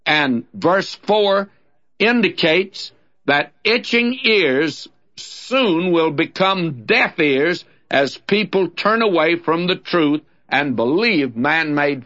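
A man's voice: a little high, a bit bright. An older man with a Southern US accent, teaching the Bible on the radio in a folksy, conversational way, telling stories as he goes. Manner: folksy, conversational preaching with storytelling. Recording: dull lo-fi old radio recording.

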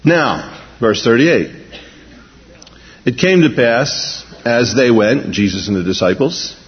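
Pastor preaching in an echoing hall. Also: male voice, mid-range voice, slow, slightly rough. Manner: animated preaching, raises voice when quoting. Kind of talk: sermon. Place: large church sanctuary. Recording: dull lo-fi recording in a large reverberant hall.

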